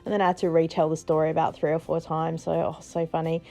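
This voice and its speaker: A woman's voice: low-pitched, level tone, fast talker, creaky, dark tone. Chatty Australian woman vlogging. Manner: chatty, laughs often, retells with playful voices. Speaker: frugal living vlogger. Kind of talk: casual vlog narration.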